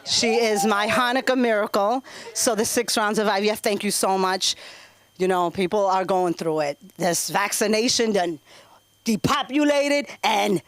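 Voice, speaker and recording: A woman's voice: medium pitch, normal speed. A woman in her thirties with a New York accent, doing brash, profane stand-up comedy at an open mic. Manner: brash, profane, loud and animated.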